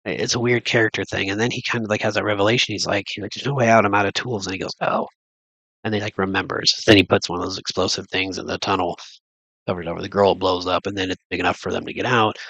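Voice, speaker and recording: A man's voice: fairly low pitch, vocal fry, pushed and bright, breathy edge, dry recording, poor audio. A man recapping a movie in a casual, rambling way, full of fillers and restarts. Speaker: movie reviewer. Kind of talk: casual spoken film recap.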